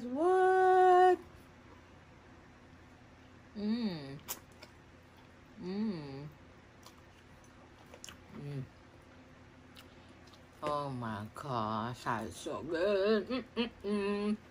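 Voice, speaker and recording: A middle-aged woman filming a mukbang at home, her voice sitting low and her words coming very slowly. She murmurs between mouthfuls and gushes over each dish, with faint room noise behind her. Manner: excited, murmuring between bites. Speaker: food vlogger. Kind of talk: mukbang eating vlog. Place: home kitchen.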